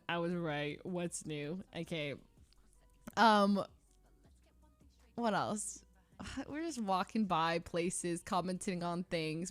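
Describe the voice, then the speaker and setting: A woman's voice: mid-range voice, no room sound. A young woman streamer chatting casually as she tells a story, rambling with lots of restarts and laughing often. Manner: rambling, heavy use of "like" and restarts, frequent laughter.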